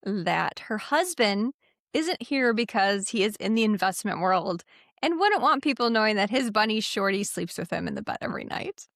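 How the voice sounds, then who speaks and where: A woman's voice: medium pitch, animated, normal speed, gravelly, a bit bright, dry recording, clean studio sound. A woman co-hosting a podcast, recapping a story in casual chat with frequent laughs and fillers. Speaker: podcast co-host.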